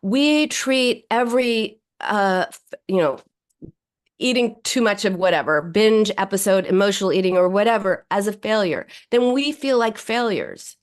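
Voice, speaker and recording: Animated woman psychoanalyst on a podcast. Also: mid-range voice, normal speed. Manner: animated, acts out quoted self-talk. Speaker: psychoanalyst guest. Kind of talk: podcast interview.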